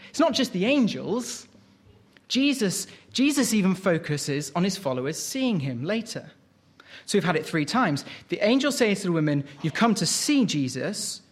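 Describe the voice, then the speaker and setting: Expressive male preacher, slightly high voice. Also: normal speed, husky. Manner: expressive, rhetorical questions, reads scripture aloud. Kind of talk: sermon.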